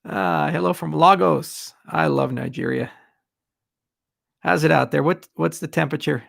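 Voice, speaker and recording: Gravelly husky guy doing a live q&a, blunt, kinda rambly, dry room. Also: on the high side, normal speed, a bit bright, no room sound. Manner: candid, blunt, rambling asides. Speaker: tech company founder answering questions. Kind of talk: livestream Q&A.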